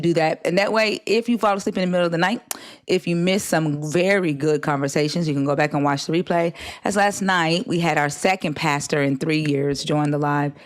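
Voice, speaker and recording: A woman from the American South hosts a casual live stream in a low, deep voice. She is blunt and profane as she scolds her viewers. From Southern United States. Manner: blunt, profane, lecturing chat.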